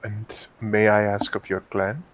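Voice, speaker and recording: A man playing a tabletop role-playing game, speaking softly and formally in character. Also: lowish voice, little pitch movement, measured pace, highs cut off. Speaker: player.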